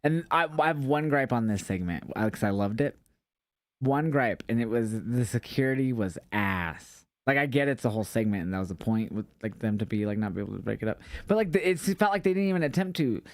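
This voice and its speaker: A man co-hosting a wrestling podcast, recapping shows in casual chat with animated storytelling, swearing often and acting out quotes. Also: mid-range voice, fairly quick, no echo.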